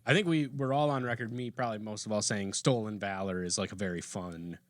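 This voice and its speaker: A man co-hosting a comedy podcast, riffing in a dry, deadpan way during casual chat. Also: lowish voice, a little fast, no room sound. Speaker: podcast co-host.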